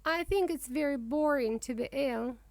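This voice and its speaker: A woman voicing a kind little ostrich chick who speaks softly and comfortingly in a storybook reading. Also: high-pitched, normal speed, no room sound.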